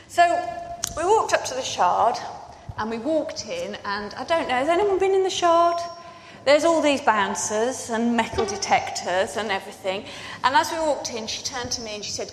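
A woman's voice: a little high, animated, normal speed. Woman giving a sermon, chatty story, long reverb, faint noise behind. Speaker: preacher. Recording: echoey hall with long reverb.

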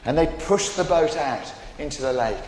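A man telling a Bible story in a playful, animated way with frequent asides to listeners. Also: fairly high pitch, moderate pace. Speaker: storyteller for a congregation. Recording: echoey hall with faint ambience.

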